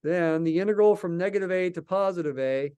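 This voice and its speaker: A man's voice: high-pitched, fairly quick, mellow, clean tone. A man lecturing a calculus class in a slightly raised voice. He thinks aloud as he works, stops and restarts, and answers his own questions. It sounds like an unscripted classroom lecture. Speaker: math lecturer.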